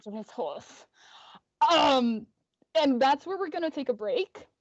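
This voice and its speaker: A woman's voice: high voice, lively intonation, measured pace, dry recording. A woman running an online tabletop game as game master, talking hesitantly with many ums. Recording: dull dry call audio.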